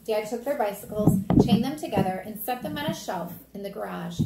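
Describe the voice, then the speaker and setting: A woman narrating a children's storybook aloud in a steady, plain manner. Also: medium pitch, a little fast, gravelly. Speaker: reader. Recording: roomy echo.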